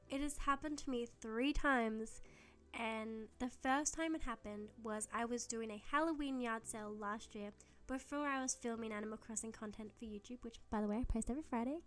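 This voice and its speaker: A young woman telling a casual story, chatty, laughing often and acting out both sides of the talk. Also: fairly high pitch. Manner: chatty, laughs often, quotes herself in dialogue. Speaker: gaming YouTuber. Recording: faulty mic audio.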